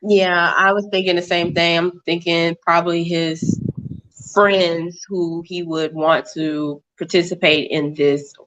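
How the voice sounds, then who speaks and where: A woman co-hosting a casual podcast, incredulously recapping a reality show, often laughing and going up high to quote people. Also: level tone, measured pace, fairly bright tone. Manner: laughing, incredulous, rises in pitch when quoting. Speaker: podcast co-host.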